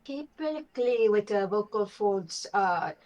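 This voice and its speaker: A woman's voice: mid-range voice, animated, a little slow, darkish tone, dull audio. A woman playing in a tabletop role-playing game, explaining things in a chatty way. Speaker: player. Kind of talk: tabletop role-play chat.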